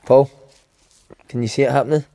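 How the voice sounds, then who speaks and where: A man's voice: mid-range voice, fairly even intonation, fairly quick, dark tone. A Scottish man co-hosting a casual football podcast, bantering, swearing freely and firing off questions to the others. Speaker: podcast co-host.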